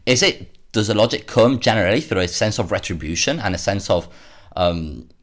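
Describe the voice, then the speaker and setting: A man's voice: fairly low pitch, lively intonation, fairly quick. A man hosting a solo commentary podcast, worked up and sarcastic, often repeating words as he rants. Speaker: podcast host.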